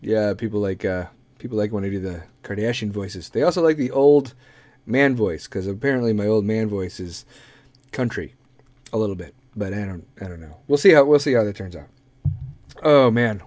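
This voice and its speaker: A man's voice: lowish voice, a little fast, darkish tone, no echo. A man hosting his own podcast, delivering a crude, rambling, sarcastic comedic monologue. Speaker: podcast host.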